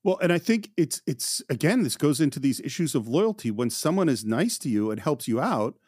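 A man co-hosting a film podcast, telling behind-the-scenes stories in a casual, animated way and acting out quotes. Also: fairly high pitch, brisk, husky, dry recording, clean studio sound. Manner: animated storyteller, acts out quotes. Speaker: podcast co-host.

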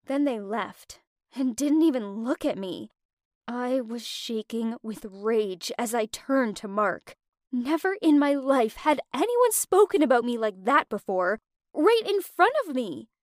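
A young woman narrates her own story in a high voice, full of feeling. The sound is dry and close, with no room echo. Her delivery swings with emotion. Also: expressive, measured pace. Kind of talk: first-person story narration.

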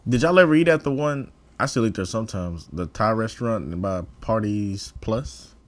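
A man's voice: on the low side, normal speed, no echo. A man co-hosting a podcast, chatting casually and teasing his friends. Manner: animated, teasing, jumps between loud and quiet. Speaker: podcast co-host. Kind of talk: casual chat.

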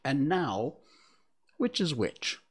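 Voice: medium pitch, big pitch swings, very slow, slightly rough, heavily acted. A reader voicing a polite, bewildered little girl in a storybook reading, earnest and hesitant. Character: puzzled, polite, truthful little girl Alice.

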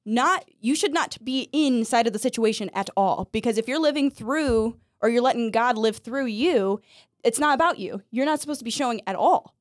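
A woman's voice: fairly high pitch, normal speed, no room sound, clean studio sound. A woman co-hosting a casual Christian podcast, chatty, laughing often and acting out quotes as she talks. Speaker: podcast co-host.

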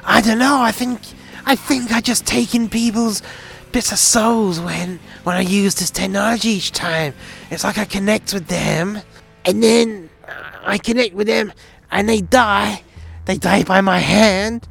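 A man's voice: high-pitched, a little slow, creaky, a bit bright, full character voice. A man voicing a cruel but pathetic male villain with a wobbly, shifting accent. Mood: creepy. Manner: wavering accent, whimpering.

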